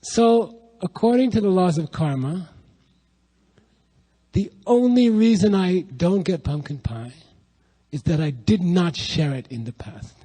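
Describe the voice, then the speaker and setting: A middle-aged man giving a lively spiritual talk to an audience, telling stories and asking rhetorical questions. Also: sits high, unhurried, husky, poor audio. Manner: animated, rhetorical questions, storytelling. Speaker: spiritual teacher.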